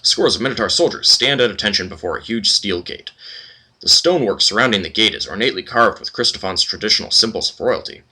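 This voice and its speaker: A man's voice: on the low side, expressive, fast, sharp tone, breathy edge. A man hosting a let's play, reading game text aloud and commenting casually with wry asides.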